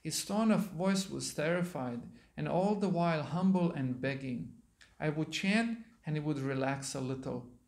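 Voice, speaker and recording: In a temple hall, a monk lecturer gives a sermon, reading a story aloud and stopping to explain words to his listeners. His voice is fairly high and a little mellow.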